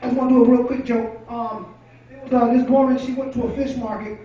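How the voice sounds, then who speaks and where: A man's voice: very high voice, flat delivery, fast talker. Profane man doing stand-up in echoey café. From Rochester, New York. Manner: loose, profane, storytelling. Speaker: stand-up comedian. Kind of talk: stand-up comedy set. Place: café open mic. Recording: echoey, lo-fi room from far off.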